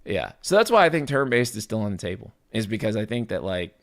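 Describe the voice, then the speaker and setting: A man's voice: on the low side, sing-song, fast talker, a bit bright. A man live streaming, chatting casually with his viewers, rambling and often restarting his sentences. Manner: casual, swears, talks to chat.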